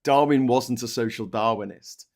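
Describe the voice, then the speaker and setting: A man's voice: mid-range voice, moderate pace. A British man co-hosting a casual live stream, reading viewer comments and ranting bluntly with frequent swearing and restarts.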